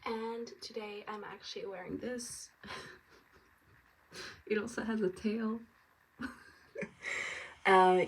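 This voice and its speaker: A tired woman from France chatting casually as she gets ready, rambling and now and then dropping to a soft whisper. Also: lowish voice, vocal fry, a little hiss or hum. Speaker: vlogger. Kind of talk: casual get-ready-with-me chat. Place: at home getting ready. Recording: distant mic, faint room ambience.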